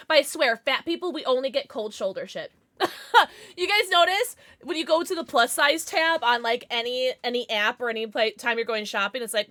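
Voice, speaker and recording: A woman live streamer chatting casually with her viewers, chatty and quick to swear. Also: high voice. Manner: chatty, lively, swears freely.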